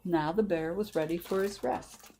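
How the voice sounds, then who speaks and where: A woman librarian reading a picture book aloud to children, gently asking them questions. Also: on the low side, normal speed. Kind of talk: storytime read-aloud to children.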